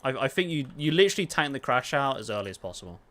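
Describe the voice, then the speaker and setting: A young man talking casually on a game livestream, answering viewer questions as he plays. His voice sits at an ordinary middle pitch, and he swears freely in a relaxed way. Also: quick pace. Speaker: gaming livestreamer.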